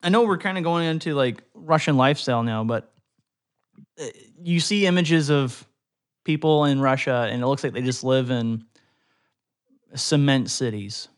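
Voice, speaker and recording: A man's voice: medium pitch, moderate pace. A young man co-hosting a casual podcast, reading odd stories aloud and laughing often. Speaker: podcast co-host. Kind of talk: casual chat, reading trivia.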